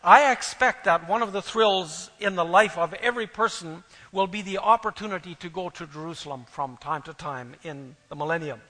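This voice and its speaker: Earnest preacher, high bright voice. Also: male voice, normal speed, hardly any pauses, long reverb tail, rough recording. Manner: earnest, swelling louder on key phrases. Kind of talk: sermon with scripture reading.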